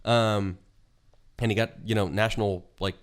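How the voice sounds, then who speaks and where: A man's voice: on the low side, fairly even intonation, normal speed. A man co-hosting a comedy podcast, chatting casually and telling rambling stories full of swearing and laughter. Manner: profane, rambling storyteller who laughs often. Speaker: podcast co-host. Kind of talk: casual chat.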